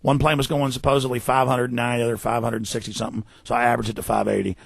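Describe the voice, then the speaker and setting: A man hosting a radio talk show, ranting fast and forcefully, tripping over repeated words. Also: medium pitch, little pitch movement, creaky, no echo. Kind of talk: heated radio monologue. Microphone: studio microphone.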